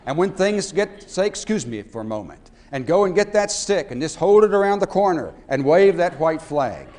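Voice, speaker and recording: Animated man telling stories to an audience. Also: sits high, normal speed. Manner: storytelling, swings from hushed to loud and animated. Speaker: speaker. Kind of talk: talk to a live audience.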